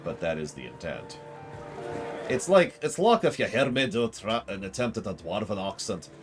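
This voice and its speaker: A man's voice: lowish voice, big pitch swings, normal speed, over music. A man streaming a game, commenting in a sarcastic, rambling way. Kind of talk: casual commentary.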